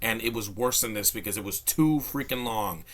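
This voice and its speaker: Hispanic guy rambling through a movie review on his phone, bright forceful voice, lots of um and restarts. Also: fairly low pitch, normal speed. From Hispanic background. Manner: rambling, many restarts and fillers. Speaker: film reviewer. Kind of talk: casual spoken movie review.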